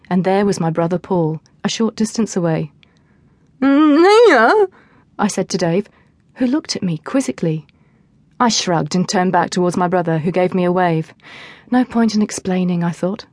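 A woman's voice: lowish voice, a little mellow, dry recording. Woman narrating a teen novel. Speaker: audiobook narrator. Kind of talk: scripted first-person narration.

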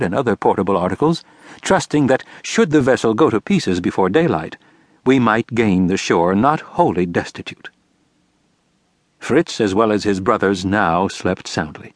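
Reading a scripted audiobook, a man keeps a measured pace and an expressive, storytelling delivery. His voice is fairly low, captured in studio quality without echo.

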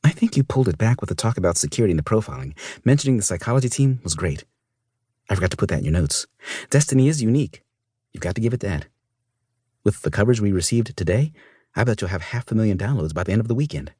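A man's voice: fairly low pitch, expressive, quick pace, dark tone, husky, dry recording, pitched above the performer's own voice. A man voicing a blunt, teasing female personal assistant who talks in a dry, scolding way. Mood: brisk.

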